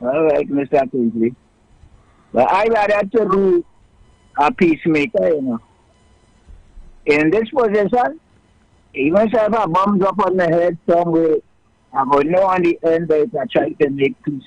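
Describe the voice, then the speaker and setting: Gravelly man calling in by phone. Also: a little high, animated, a little slow, long pauses, dry recording. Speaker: caller. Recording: dull phone-in line.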